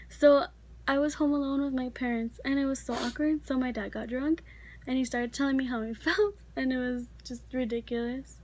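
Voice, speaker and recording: A woman's voice: high voice, a little mellow. A teenage girl casually telling a story, chatty and full of fillers. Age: teens. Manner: chatty, filler-heavy, many likes. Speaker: vlogger.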